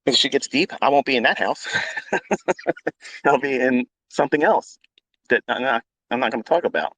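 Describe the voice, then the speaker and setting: A man who mentors traders, talking live to an online audience. He is blunt and combative, swears freely and hammers his points through repetition. His middle-pitched voice sits close and dry on the mic. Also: normal speed, fairly bright tone, dry recording. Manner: blunt, profane, combative, repeats himself for emphasis. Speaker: trading mentor. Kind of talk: live audio-room monologue.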